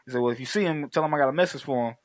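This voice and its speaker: A man's voice: mid-range voice, racing, dry recording. A man co-hosting a podcast, recapping a film in casual, profane chat and acting out the scenes in voices. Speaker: podcast co-host.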